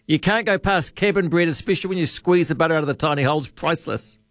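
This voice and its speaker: A man's voice: fairly high pitch, fast, dry recording, studio quality. Chatty New Zealand man hosting radio. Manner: chatty, relaxed, quizzing callers. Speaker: radio talk show host. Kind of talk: casual radio chat. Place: radio studio. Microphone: studio microphone.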